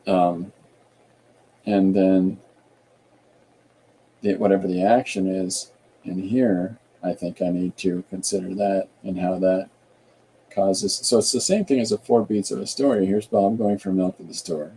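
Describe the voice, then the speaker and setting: Guy with a dark mellow voice rambling thru his drawing ideas on a chill art stream. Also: low-pitched, measured pace, long pauses, poor audio. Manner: thinking aloud, rambling and relaxed; reads viewer comments aloud. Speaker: artist and podcast host. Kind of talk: casual livestream chat while drawing.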